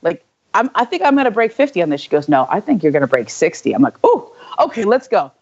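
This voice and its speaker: A young woman co-hosting a podcast, telling a story in a casual, animated way, full of "like" and quick asides. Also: lowish voice, highs cut off. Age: young adult. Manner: animated, filler-heavy storytelling with lots of "like". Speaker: podcast co-host.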